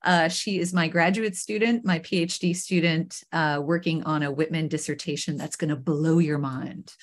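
A woman's voice: low voice, steady tone, normal speed. Effusive woman hosting a video-call show. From Queens, New York. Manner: enthusiastic, effusive, with frequent restarts. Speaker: host. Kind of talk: hosting a live online talk show.

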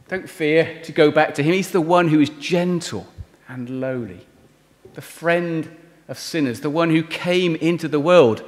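A man preaching a sermon and leading prayer, earnest and pleading, often dropping to a soft voice on key words. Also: fairly high pitch. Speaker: visiting preacher. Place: church hall. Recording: reverberant hall.

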